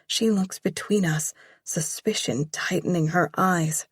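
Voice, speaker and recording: A woman narrates a first-person romance in a slow, measured voice. Her tone sits a little low and gravelly, with a husky edge. The recording is close and dry. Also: fairly even intonation, no room sound. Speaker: audiobook narrator.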